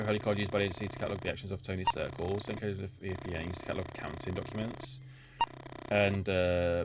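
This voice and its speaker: Lively low-voiced man reading a game. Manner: reads narration evenly, then chats and swears in asides. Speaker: streamer playing a game. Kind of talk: reading game text aloud with casual commentary. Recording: game music behind the voice.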